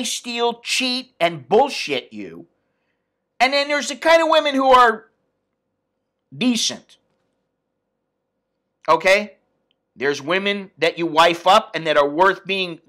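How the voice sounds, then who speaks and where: A man's voice: very high-pitched, a bit bright. A man from the United States ranting bluntly and profanely in a casual vlog. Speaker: expat vlogger.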